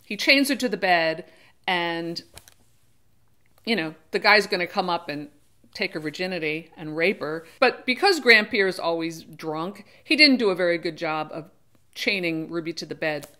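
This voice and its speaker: A woman's voice: lowish voice, lively intonation, moderate pace, pushed and bright. A woman hosting her own channel, chatting casually through a book discussion and often correcting herself as she goes. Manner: chatty, digressive, often restarts and self-corrects; acts out characters in brief quoted voices. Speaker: book reviewer and channel host.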